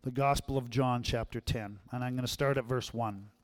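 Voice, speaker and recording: A pastor with a mid-range voice and a steady tone delivers his sermon at a moderate pace, recorded without echo. He speaks conversationally, often checking in by asking the audience "right?"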